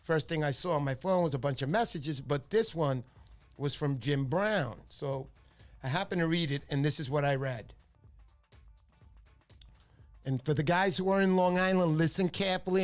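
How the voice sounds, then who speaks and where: Casting: animated New guy, slightly high voice, stuffy cold, music underneath. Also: moderate pace. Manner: chatty storyteller, animated impressions. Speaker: fishing livestream host. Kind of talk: casual livestream chat.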